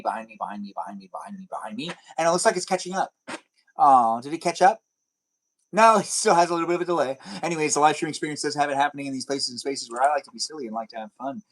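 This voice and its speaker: A man hosting a livestream in casual, playful chat, rambling and sometimes drawing words out slowly. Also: fairly high pitch. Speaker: livestream host.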